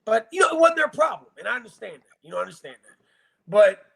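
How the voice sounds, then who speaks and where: A man's voice: high voice, sing-song, quick pace, gravelly, fairly bright tone, slightly rough. A man from Virginia bluntly recounting hard times in a casual, profane, emotional interview. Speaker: guest telling his life story.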